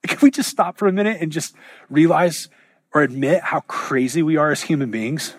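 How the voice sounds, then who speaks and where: A man preaching a sermon in a conversational way, paraphrasing God's words in everyday speech and slowing down to stress key lines. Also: a little high, animated, breathy edge. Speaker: pastor.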